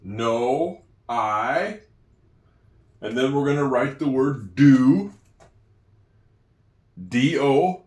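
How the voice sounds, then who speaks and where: Male teacher, slow and patient explainer, echoey room, slightly off-mic. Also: mid-range voice, animated, darkish tone, distant mic. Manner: patient, slow and explanatory, self-deprecating asides. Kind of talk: handwriting lesson.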